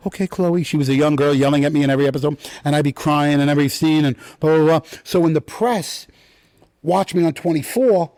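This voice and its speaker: A middle-aged man with a fairly high voice chats as an interview guest and tells stories with animated energy. He acts out quotes in sudden loud bursts. The sound is close and dry, with no room around it. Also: fast talker, no room sound. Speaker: guest, actor. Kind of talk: casual interview chat.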